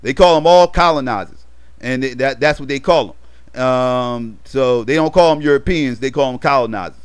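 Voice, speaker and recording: A man recaps a movie in a loose, rambling way, full of fillers and slang. His voice is smooth and clean at a middling pitch. The sound is dry, with no room around it. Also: moderate pace, no room sound. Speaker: movie reviewer. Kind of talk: casual movie plot recap.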